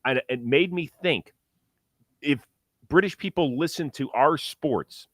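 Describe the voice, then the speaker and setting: A man's voice: a little high, unhurried, fairly bright tone, dry recording. A man hosting a sports talk show, chatting about baseball in an enthusiastic, joking way and reading ads. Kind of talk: casual sports talk and ad read.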